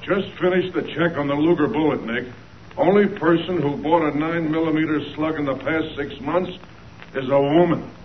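A police sergeant over the phone. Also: male voice, a little high, normal speed, slight background noise. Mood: matter-of-fact. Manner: matter-of-fact reporting. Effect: telephone. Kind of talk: 1940s radio acting. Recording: muffled telephone line on old radio.

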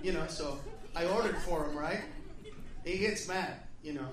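A man doing stand-up comedy, loud and profane, acting out other people in shouted put-on voices. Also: on the high side, moderate pace, recorded from a distance. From United States. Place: comedy club stage. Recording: echoey venue, crowd laughter, loud noise.

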